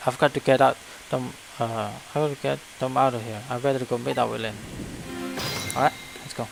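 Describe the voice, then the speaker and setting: A man's voice: mid-range voice, steady tone, a little fast, vocal fry, close to an everyday voice, poor audio. A man reading a wry, musing male ghost. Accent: Indonesian. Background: game music.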